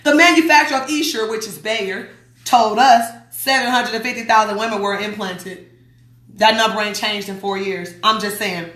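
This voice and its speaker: A woman's voice: mid-range voice, normal speed, fairly bright tone, roomy sound. A woman hosting a radio show, reading a newsletter aloud in a chatty, emphatic way and talking back to her listeners. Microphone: streaming mic.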